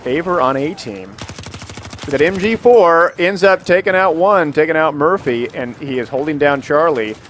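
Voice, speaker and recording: A man calling live esports play-by-play, excitable and jokey, reading viewer chat aloud between plays. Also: a little high, moderate pace, slight background noise. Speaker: esports commentator.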